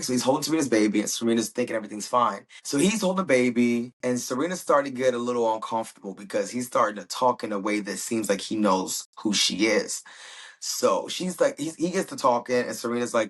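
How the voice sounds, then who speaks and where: A man with a husky, slightly breathy voice talks through a TV episode recap. His delivery is chatty and slangy, and he slips into little acted-out quotes as he goes. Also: mid-range voice, fast. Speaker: podcast host.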